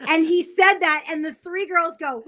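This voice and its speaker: A middle-aged woman telling an animated, laughing story in a casual chat as a podcast guest. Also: very high-pitched, moderate pace.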